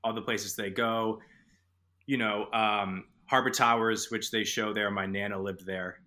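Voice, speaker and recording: Man, from Boston, very bright tone, casual chat, animated film quotes. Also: lowish voice, a little slow. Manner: excited, swears a lot, quotes film lines.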